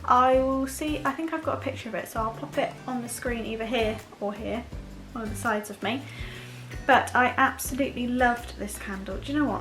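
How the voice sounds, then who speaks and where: A young woman chatting to camera about her favourite products, rambling with quick self-deprecating asides. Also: a little high, fairly bright tone, soft background music. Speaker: beauty vlogger. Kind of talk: casual chat to camera.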